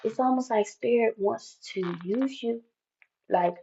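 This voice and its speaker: Woman tarot reader, slow and gravelly, emphatic and spiritual, dull lo-fi sound. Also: fairly high pitch, mellow. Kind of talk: intuitive tarot reading monologue.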